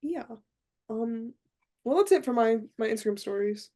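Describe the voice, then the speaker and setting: A young woman co-hosting a podcast, talking in a rambling, deadpan way with lots of fillers. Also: a little high, moderate pace. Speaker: podcast co-host. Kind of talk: casual chat.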